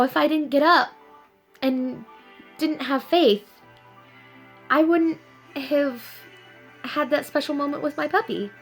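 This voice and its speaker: High-voiced earnest young woman vlogging. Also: creaky, poor audio. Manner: earnest, upbeat, animated storytelling. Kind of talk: casual inspirational talk to viewers.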